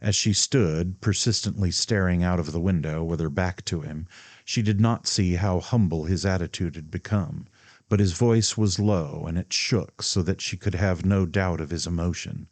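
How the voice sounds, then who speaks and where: Man reading an old novel, lowish voice, measured, dry close mic. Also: a little mellow, no echo. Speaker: audiobook reader. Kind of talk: scripted narration.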